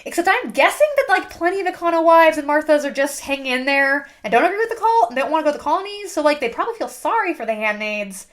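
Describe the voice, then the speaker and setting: A woman's voice: high voice, lively intonation, fast, few pauses. A young woman hosting a casual book review, ranting sarcastically with plenty of "like" fillers. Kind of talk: casual rant monologue.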